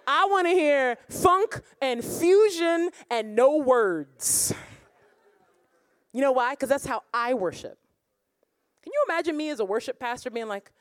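Animated high-voiced woman preaching. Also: unhurried, no room sound. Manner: animated preaching, bursts of laughter, sings lines. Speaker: worship pastor. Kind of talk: sermon. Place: church or conference room.

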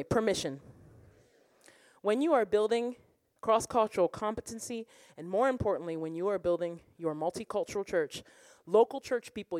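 A woman worship pastor preaching a lively sermon, laughing and breaking into song now and then. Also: on the low side, dry recording. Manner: animated preaching, bursts of laughter, sings lines. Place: church or conference room.

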